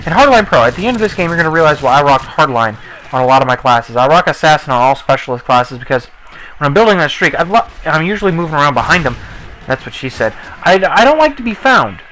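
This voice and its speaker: A young man talks over his own gameplay in loose, rambling commentary, cracking jokes and jumping into excited yelps. His voice sits a little high and has a bright, sharp edge. A faint hiss of noise runs under the recording. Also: fast talker, low-quality recording. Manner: rambling, joking, excitable outbursts. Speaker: gaming commentator.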